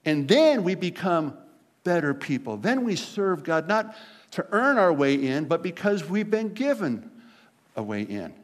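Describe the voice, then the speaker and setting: A pastor delivers a conversational sermon in a fairly high voice at a measured pace. He tells stories animatedly, voicing the quotes of the people in them.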